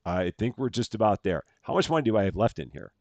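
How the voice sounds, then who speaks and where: A man's voice: fairly low pitch, sing-song, fast talker, darkish tone, dry recording, dull audio. A man chatting casually as he live-streams a game at home, thanking viewers by name and laughing at himself. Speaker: streamer playing a bank simulator game.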